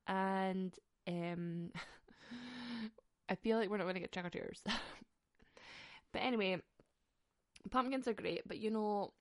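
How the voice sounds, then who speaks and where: A woman hosts her podcast with a loose, comic rant, laughing between lines and swearing freely. Her voice has a gravelly fry, and the recording is close and dry with no room sound. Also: mid-range voice, measured pace, pauses often, dry recording. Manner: ranting, giggly, sweary. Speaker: podcast host. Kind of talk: casual comic monologue.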